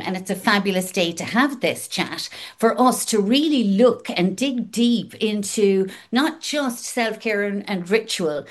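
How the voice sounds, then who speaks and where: Frank, emphatic woman. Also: mid-range voice. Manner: emphatic, frank, swears casually, lists in rhythmic runs. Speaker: guest in recovery. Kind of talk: candid conversational chat.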